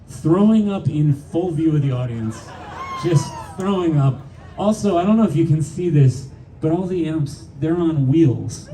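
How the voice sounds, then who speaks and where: A man's voice: on the high side, mellow, slight background noise. A middle-aged man, a band's singer, telling a rambling, profane story with frequent laughs between songs on a live stage. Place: live music venue stage. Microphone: stage vocal mic recorded from the crowd. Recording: distant live audience recording with band.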